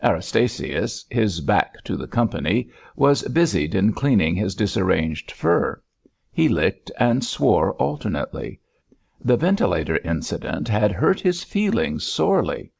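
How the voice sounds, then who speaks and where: A man reading a story aloud in measured, expressive scripted narration. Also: on the low side, creaky, breathy edge. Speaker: audiobook narrator. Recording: dull lo-fi recording.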